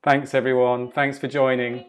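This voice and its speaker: A man leading a live online qigong and breathwork class, giving calm, drawn-out guiding cues over a video call. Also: mid-range voice, clear, resonant tone.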